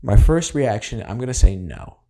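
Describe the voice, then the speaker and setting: A man's voice: lowish voice, sing-song, moderate pace, vocal fry, mellow. A young man co-hosting a podcast, chatting casually and rambling through stories with frequent laughs. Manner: rambling storyteller, laughs often. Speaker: podcast co-host. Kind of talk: casual chat.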